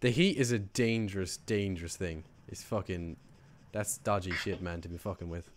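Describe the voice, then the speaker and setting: A man's voice: low voice, normal speed, background noise. An Irish man chatting during an online game, playfully mock-polite and teasing, swearing freely. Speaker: gamer and video host. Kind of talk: playful in-game roleplay chat.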